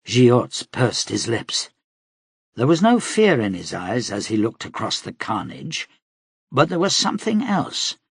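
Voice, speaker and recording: A man reading an audiobook aloud in a steady, dramatic manner as its narrator. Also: mid-range voice, unhurried, creaky, husky, dry recording, clean studio sound. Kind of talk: scripted narration.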